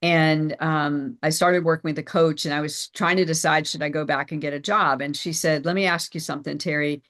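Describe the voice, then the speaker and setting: A woman's voice: deep voice, a little fast, few pauses. Emphatic woman teaching sales. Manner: energetic, emphatic, repeats key phrases. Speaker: business coach and company CEO. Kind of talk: presenting a sales training.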